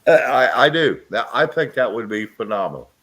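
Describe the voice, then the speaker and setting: A man's voice: medium pitch, lively intonation, normal speed, a bit bright. A man hosting a loose, casual chat with a mid-range voice. He talks bluntly and cracks jokes, often breaking into laughs. His delivery is plain and unpolished. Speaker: host.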